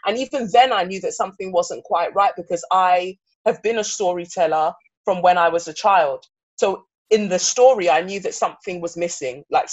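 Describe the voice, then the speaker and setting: A guest in their thirties from England, speaking earnestly and reflectively in an interview, often restarting sentences. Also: mid-range voice. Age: 30s. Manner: earnest, searching, with frequent restarts. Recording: slightly dull recording.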